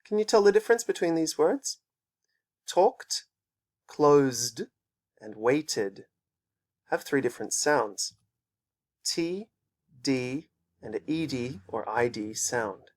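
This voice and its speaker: Slow, patient male English teacher. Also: fairly high pitch, lively intonation. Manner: slow, patient, repeats words for students. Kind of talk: pronunciation lesson for students. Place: teaching in Japan.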